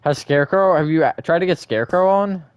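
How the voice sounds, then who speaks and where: A man's voice: fairly high pitch, quick pace, smooth, no echo, muffled recording. A man hosting a live stream, chatting casually with viewers in a rambling, self-correcting way and laughing often.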